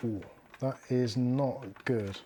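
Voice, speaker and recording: A man talks casually and frankly as he works through a livestream. His voice sits at an ordinary middle pitch, with a faint hiss of noise under it. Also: steady tone, takes it slowly, mellow. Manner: frank, chatty, laughs often. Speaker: streamer building a PC.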